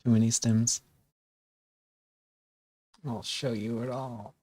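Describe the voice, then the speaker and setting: Self-mocking stream buddy, giggles a lot, dead dry mic, mid pitch. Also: steady tone, slow pace, mellow, dry recording. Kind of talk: casual livestream chat.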